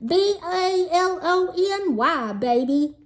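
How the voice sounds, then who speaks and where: A woman reading aloud voices a cocky fourth-grade boy trying to act tough, brash and excitable. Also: very high voice, takes it slowly, pitched above the performer's own voice, full character voice. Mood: brash teasing. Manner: brash, excitable, pushing to sound cool.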